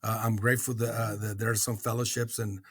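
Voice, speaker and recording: A middle-aged man from Mexico, a guest in a recovery podcast conversation, speaking earnestly and reflectively with many hesitant pauses and restarts. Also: lowish voice, flat delivery, breathy edge, dry recording.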